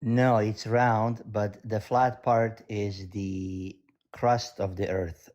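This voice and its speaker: Mellow, low-voiced rambling caller. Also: male voice, flat delivery, takes it slowly, muffled recording. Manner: meandering, hesitant.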